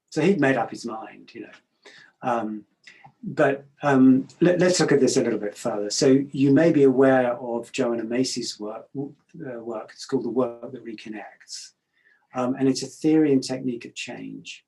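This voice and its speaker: A middle-aged man giving a reflective talk, calm and measured, pausing often with hesitations. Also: mid-range voice, poor audio.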